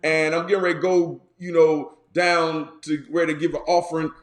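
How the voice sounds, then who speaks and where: A man's voice: fairly high pitch, flat delivery, normal speed, voice pushed down, natural voice. A man voicing a weary traveling husband who talks plainly and matter-of-factly, in a roomy echo.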